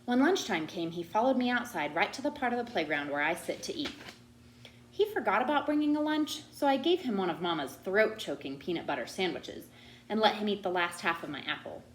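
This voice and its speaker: A woman reading a children's novel aloud, narrating in an expressive, animated way. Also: mid-range voice, brisk, a little hiss or hum. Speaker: audiobook reader. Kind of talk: storytelling narration. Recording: roomy echo.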